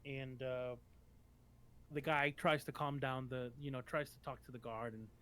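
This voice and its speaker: A man's voice: medium pitch, little pitch movement, measured pace, a bit bright, smooth. A man narrating as game master for a tabletop game, rambling with many ums and restarts.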